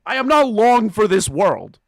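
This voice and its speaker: A confused, frail old man, as a man hams it up, whining high and loud about being lost and picked on. The voice climbs well above the speaker's usual pitch, and the sound is dry. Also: sing-song, a little slow, vocal fry, no echo, full character voice. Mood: whiny. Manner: whiny, feigned helplessness.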